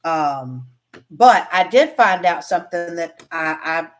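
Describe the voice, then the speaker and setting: With a lowish, expressive voice and a slow pace, she hosts an informal crafting livestream, responding to viewer comments. She laughs regularly and keeps trailing off, then starting over.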